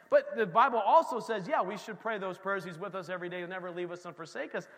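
A man preaching a sermon in a church, swinging between loud emphasis and soft, quiet passages. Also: high voice, fast, few pauses, big-room sound. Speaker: pastor.

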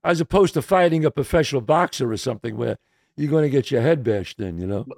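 Gravelly, lively male podcast host. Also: mid-range voice, fast talker. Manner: encouraging, frequent short agreements. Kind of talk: casual interview chat.

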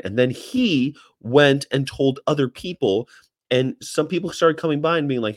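A man's voice: mid-range voice, expressive, moderate pace, no echo, studio quality. A man, a vegan activist, chatting casually and animatedly, with profanity and funny impressions of people. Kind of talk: casual chat. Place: Charlotte, North Carolina.

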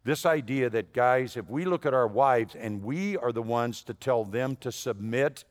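A man preaching a sermon as an animated storyteller, jumping between loud punchlines and hushed asides. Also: mid-range voice, unhurried. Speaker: guest preacher. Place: church sanctuary. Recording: long reverb of a church hall.

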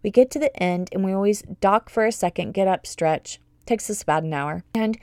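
A woman in her thirties talks through a casual podcast monologue, gushing and upbeat and wandering into excited asides. Her voice is warm and mellow rather than bright, and the recording is dry and close, with no room sound. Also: mid-range voice, fairly quick, clean tone, no room sound. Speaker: podcast host and homeschool business coach.

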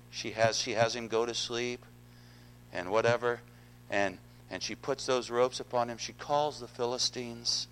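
A man's voice: lowish voice, a bit bright, a little hiss or hum, poor audio. A man preaching a sermon, earnest, often repeating words and asking the congregation questions. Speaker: pastor.

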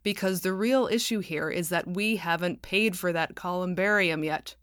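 Audiobook: woman as a gruff snappish treasurer man, blunt and plain. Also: high-pitched, moderate pace, fairly bright tone, no room sound, studio quality.

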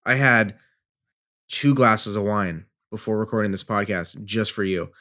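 A man's voice: fairly low pitch, a little slow, bright, forceful tone. A man co-hosting a casual podcast, a flight instructor who laughs easily and talks loosely with some swearing.

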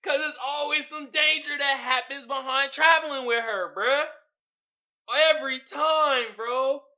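A man hosting his own podcast in casual solo chat, slangy and animated, laughing often. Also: very high-pitched, measured pace. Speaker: podcast host.

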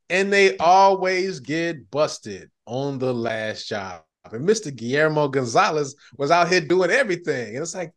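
A man hosting a podcast in casual chat, animated and breaking into loud excited bursts. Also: a little high, normal speed, hardly any pauses. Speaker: podcast host.

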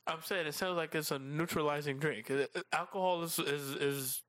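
Teasing, chatty man; higher register, laughs through his lines, dry recording. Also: fairly bright tone, dry recording. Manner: teasing, laughs often, quick asides. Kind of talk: casual chat.

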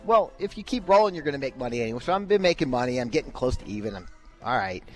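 A man's voice: medium pitch, rapid-fire, faint music behind. A man hosting a radio talk show, telling a casual story and acting out the lines he quotes. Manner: animated, acts out quoted lines.

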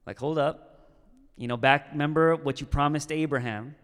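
A man's voice: on the high side, steady tone, normal speed, fairly bright tone, clean tone, in a large hall, close to an everyday voice. A man preaching, voicing Moses as an urgent mediator pleading in casual modern speech.

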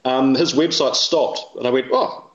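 An interview guest talks rapidly and with animation, voicing strong opinions and imitating other people in high voices. The recording sounds roomy, dull, and lo-fi.

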